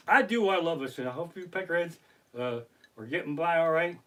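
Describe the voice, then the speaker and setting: This middle-aged comedian speaks at normal speed in a slightly high voice, performing profane stand-up stories on a live stream from his living room. He's animated, acting out what others said, and uses a basic home streaming microphone.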